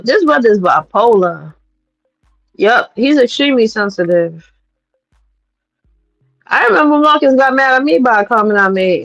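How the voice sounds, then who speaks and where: A woman from New York City hosting a livestream, talking in a blunt, profane and animated way as she gives her commentary. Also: a little high, no echo, highs cut off. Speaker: streamer host.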